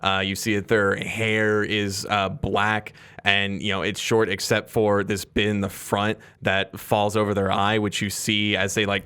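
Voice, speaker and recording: A man narrating a tabletop game as game master, describing scenes in a relaxed way with many fillers. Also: lowish voice, smooth.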